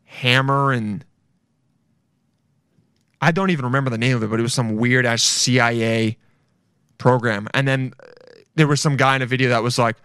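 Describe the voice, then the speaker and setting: Bright-voiced young man, mocking. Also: medium pitch, fairly even intonation, normal speed, long pauses, clear, resonant tone, dry recording, studio quality. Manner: profane, mocking, rambling. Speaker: reaction video host. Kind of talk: casual reaction commentary.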